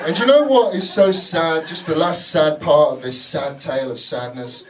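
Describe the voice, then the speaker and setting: A man doing a stand-up comedy set on a club stage, telling a story with sarcastic asides and shouted punchlines. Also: on the high side, moderate pace. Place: comedy club stage before a laughing audience. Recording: distant live club recording, noisy.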